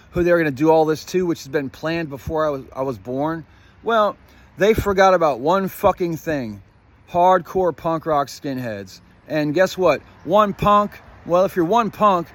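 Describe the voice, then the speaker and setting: A man delivering a rambling, profanity-laced conspiratorial monologue as a vlogger, jumping between topics and playing on words while speaking straight to his viewers. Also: a little high. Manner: profane, swears often; addresses viewers directly with "guess what" and "you get it".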